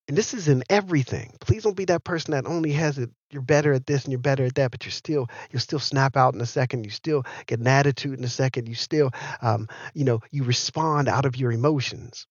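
A man preaching a sermon, animated, often asking his listeners whether they understand. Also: medium pitch, husky, dry recording, lo-fi sound. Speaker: pastor.

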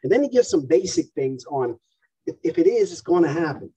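Distant, husky preacher man. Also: fairly high pitch, very animated, brisk, warm tone. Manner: conversational, checks in with the congregation. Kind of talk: sermon. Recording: dull distant mic in a room.

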